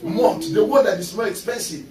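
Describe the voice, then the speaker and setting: A male pastor preaching a sermon, telling funny stories and often breaking into shouts. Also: sits high, fairly quick, a crowd in the background. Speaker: visiting pastor. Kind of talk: sermon with humorous storytelling. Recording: echoey church hall, mic at a distance. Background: congregation responding.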